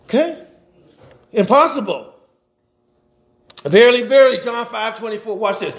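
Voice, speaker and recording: A man's voice: very high-pitched, expressive, normal speed. A man preaching a sermon, fervent and calling out to the congregation, stretching out scripture readings and breaking into chuckling asides.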